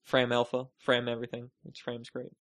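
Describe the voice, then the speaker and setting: A man co-hosting a podcast, telling rambling stories with jokey, deadpan asides in casual chat. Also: mid-range voice, fairly quick. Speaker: podcast co-host.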